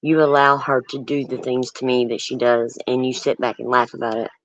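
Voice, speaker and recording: A livestream host talking casually and earnestly, pausing on ums and starting sentences over while standing firm on a personal point. The sound is dull and lo-fi, as from a home stream. The room is dry, with no echo. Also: medium pitch, little pitch movement. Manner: halting, many ums and restarts; earnest, firm about setting boundaries. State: nervous.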